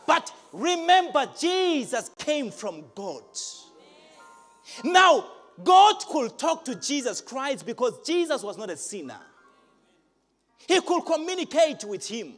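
A man preaching a live sermon to a congregation, speaking emphatically, asking the crowd questions and rising to shouts. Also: very high-pitched, very animated, takes it slowly, soft background music. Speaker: pastor. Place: large church hall.

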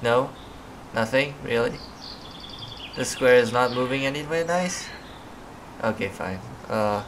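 A man's voice: mid-range voice, animated, measured pace, pauses often. A man casually commenting while he plays a game, playful and chatty, often exclaiming. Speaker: gamer. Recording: loud music behind.

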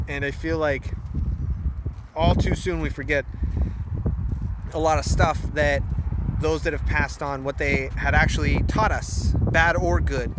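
A man's voice: fairly high pitch, steady tone, measured pace, pauses often, heavy background noise. A young man vlogging outdoors at a muddy wildlife preserve, a little out of breath, talking into a phone held at arm's length, rambling and frustrated, then wistful. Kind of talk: casual outdoor selfie vlog.

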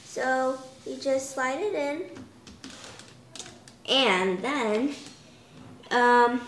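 Young woman, slightly high voice, unhurried and chatty, home demo. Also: a bit bright, roomy sound, a little hiss or hum. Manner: chatty, many "like" fillers. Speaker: toy demonstrator. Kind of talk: casual product demo.

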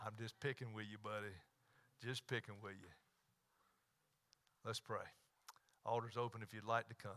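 A man's voice: fairly low pitch, flat delivery, normal speed, long pauses, sharp tone, faint music behind. A man, a pastor closing a sermon with an altar call and prayer in a pleading, repetitive preacher cadence. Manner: pleading Southern preacher cadence, repeated invitations. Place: church sanctuary.

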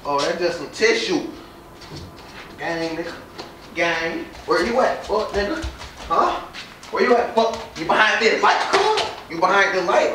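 A man's voice: sits high, noisy background. A man playing a swaggering young gangster who stalks someone through a house in a homemade comedy skit, taunting and cursing in sing-song calls. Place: house indoors. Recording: roomy room, far mic, music behind.

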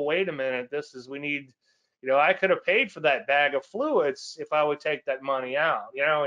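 A man hosting a casual market commentary show, talking in an animated, emotional way and often restarting words. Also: fairly high pitch. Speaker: host. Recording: dull lo-fi audio.

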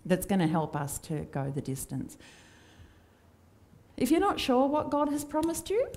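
A woman preaching a sermon in a church, conversational and storytelling in her delivery. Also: medium pitch. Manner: conversational, warm storytelling with acted quotes.

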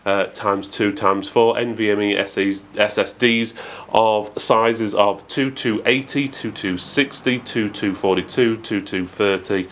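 A man's voice: fairly low pitch, steady tone, measured pace, fairly bright tone. A man giving a methodical, matter-of-fact product review with frequent fillers. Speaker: tech reviewer.

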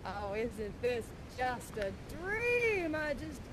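A woman's voice: high voice, expressive, normal speed, background noise. An actress playing a folksy, adventurous woman aviator in a live immersive theater show, chatting and telling stories in an exclamatory way.

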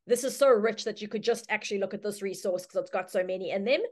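A woman teaching a branding workshop, telling a story with lively, chatty delivery and acted-out voices. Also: fast talker. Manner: storytelling, acts out quoted voices with sudden high squeals. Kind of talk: live online workshop talk.

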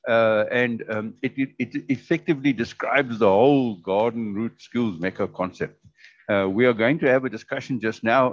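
A man hosting a public forum in a chatty, jovial way, with sudden bursts of excitement. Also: medium pitch, moderate pace. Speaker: forum host. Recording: dull lo-fi recording.

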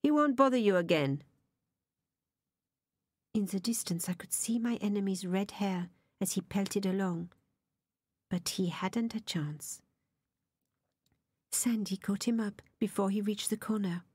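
A woman reading a novel aloud as an audiobook narrator, soft and often half-whispered. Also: medium pitch, steady tone, a little slow, breathy edge, dry recording.

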